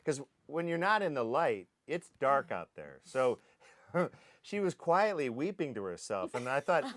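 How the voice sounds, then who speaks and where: A man, an actor, recalling a film shoot in animated anecdotes, acting out the sounds and voices of the people he describes. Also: mid-range voice, unhurried. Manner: lively storyteller who acts out sounds and voices.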